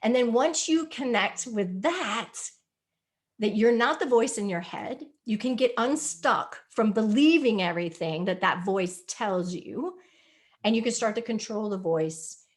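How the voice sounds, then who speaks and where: A woman's voice: on the high side, expressive, measured pace. A woman presenting a spiritual health talk over a video call, earnest and coaxing, repeating her points. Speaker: wellness presenter. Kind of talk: live online presentation.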